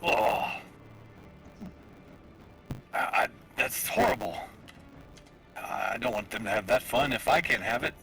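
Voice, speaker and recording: Stammering, lively-voiced player. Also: male voice, fairly low pitch, slow pace, creaky, pauses often, faint music behind, rough recording. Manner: stammering, playful. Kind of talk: casual tabletop play.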